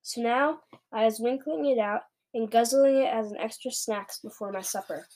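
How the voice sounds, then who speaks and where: A woman's voice: fairly high pitch, moderate pace, close to an everyday voice. A woman doing a bullying man-eating giant. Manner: shouting, bossy, mangled grammar. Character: huge brutish male giant, bullying and greedy.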